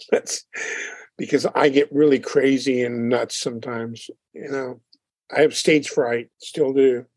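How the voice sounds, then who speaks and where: A man, a band leader and drummer, chatting in an interview and telling animated stories with frequent laughs. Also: medium pitch, slow pace, no room sound. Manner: animated storyteller, acts out quotes, laughs often. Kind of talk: casual interview chat.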